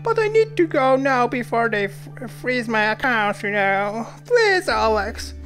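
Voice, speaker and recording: A woman voicing a desperate relative who pleads in a very high, tearful voice as she reads a game aloud. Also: big pitch swings, unhurried, a bit bright, faint music behind. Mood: pleading.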